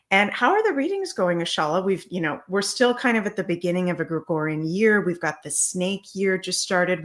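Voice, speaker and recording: A woman's voice: fairly low pitch, fairly bright tone. A middle-aged woman co-hosting a casual spiritual chat show, bubbly and chatty. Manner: bubbly, chatty, quick to say yay. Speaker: co-host.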